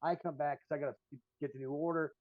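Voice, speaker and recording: A man co-hosts a live podcast, telling a long story in a loose, profane ramble. His voice sits a bit high. The sound is dry and a little dull, like lo-fi stream audio. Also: fairly even intonation, quick pace, no room sound. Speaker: podcast co-host. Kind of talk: casual chat.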